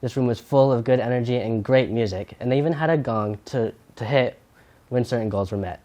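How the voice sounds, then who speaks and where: A teenage boy in his third year of high school, anchoring a school news show in a friendly, chatty way. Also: a little fast, dark tone. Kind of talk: scripted school news reading.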